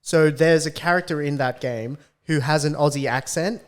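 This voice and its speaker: A man's voice: on the high side, normal speed. A man co-hosting a gaming podcast, chatting in a laid-back way and laughing easily. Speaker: podcast co-host. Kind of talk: casual chat.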